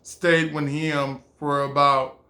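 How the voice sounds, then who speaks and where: A carefree, tough young New York woman, played by a man telling a story, talks in an offhand, breezy way and boasts loudly. The delivery is unhurried, and the voice sounds bright. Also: fairly high pitch, level tone, reverberant, full character voice.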